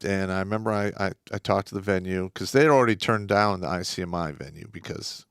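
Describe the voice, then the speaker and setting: A man's voice: low-pitched, quick pace, a bit bright, clear, resonant tone, no room sound, clean studio sound. A man co-hosting a casual livestream, telling stories in a brash, profane, boastful way. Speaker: co-host.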